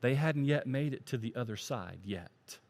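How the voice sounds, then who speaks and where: A man's voice: mid-range voice, animated, moderate pace, a little mellow. A male pastor giving a sermon, climbing to emphatic peaks and dropping to near whispers.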